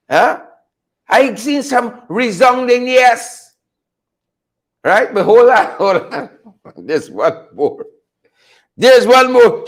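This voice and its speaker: High, lively man laughing as he talks. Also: measured pace. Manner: teasing, laughs often, repeats phrases. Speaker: host. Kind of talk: casual political commentary.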